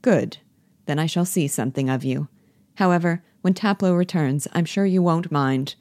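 A woman reading the part of a prim, complacent schoolmaster who speaks gently and formally. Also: deep voice, moderate pace, dry recording, studio quality. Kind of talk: play reading.

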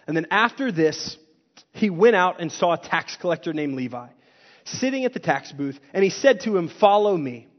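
Man preaching, high-pitched voice, casual and fervent, dull lo-fi church recording. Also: animated, moderate pace. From Texas. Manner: impassioned, conversational preaching with dramatic swings in volume. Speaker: pastor. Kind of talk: sermon.

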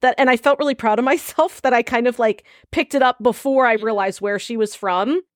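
Higher-pitched woman co-host, rambly casual chat, dry sound. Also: a little fast, no echo. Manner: rambling, restarts, laughs easily. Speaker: podcast co-host.

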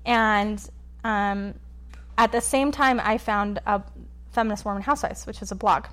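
A woman guest on a podcast, telling a personal story in a quick, animated way and acting out what others said. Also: mid-range voice. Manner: animated, quick storyteller who acts out quotes. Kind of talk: conversational storytelling interview.

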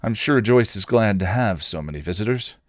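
A polite, brisk hospital doctor, read by a man with a lifted pitch, courteous and businesslike. The sound is dry and close. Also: expressive, no room sound, natural voice.

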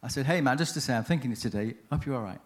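A man's voice: mid-range voice, expressive, racing. Chatty man telling a story. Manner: chatty, self-interrupting, anecdotal. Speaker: seminar speaker on chaplaincy. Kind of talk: conference talk with storytelling.

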